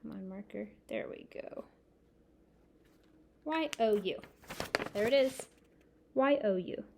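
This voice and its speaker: Woman teacher spelling words out slowly. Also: on the high side, expressive, darkish tone, a little hiss or hum. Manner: slow, clear spelling-out with call-and-repeat prompts. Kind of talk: recorded spelling lesson for children.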